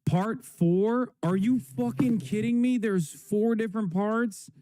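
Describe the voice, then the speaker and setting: A man reacts to clips on a live stream, sarcastic and exasperated and quick to swear. His voice sits a little high but sounds dark and mellow. The sound is dry and close. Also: dry recording. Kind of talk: casual profane commentary.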